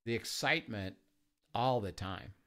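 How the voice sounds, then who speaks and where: A man who leads a ministry tells stories in a conversation, halting often with fillers and restarts and acting out the quoted dialogue. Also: fairly low pitch, bright, forceful tone. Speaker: ministry leader. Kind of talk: conversational storytelling.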